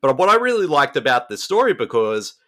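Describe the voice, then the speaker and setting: Guy hosting a horror podcast, bright voice, bouncy pitch, excited recaps with lots of um and like. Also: fairly quick. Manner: animated, enthusiastic retelling with fillers. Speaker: podcast host. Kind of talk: casual podcast chat about horror stories.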